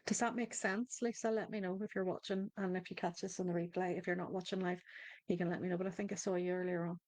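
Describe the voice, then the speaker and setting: A woman's voice: fairly low pitch, flat delivery, quick pace, darkish tone, dry recording. A woman hosting a live online coaching circle, talking conversationally, restarting her sentences and addressing viewers in the chat. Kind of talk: live-stream group coaching talk.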